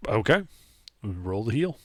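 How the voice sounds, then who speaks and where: A man acts as game master, calling for rolls and handing down rulings in a matter-of-fact way. His pitch swings in a lively way as he talks. The sound is close and dry, with no room around it. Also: unhurried, breathy edge, no room sound. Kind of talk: running a tabletop game over voice chat.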